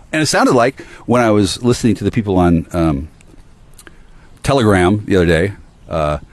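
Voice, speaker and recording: A man rants on his own at length, cursing freely and jumping between grumbled asides and heated bursts. His voice sits low but swoops up and down with lively, restless intonation. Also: moderate pace, pauses often, no echo. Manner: profane, agitated ranting; swings between muttering and sudden outbursts. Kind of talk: rambling solo monologue.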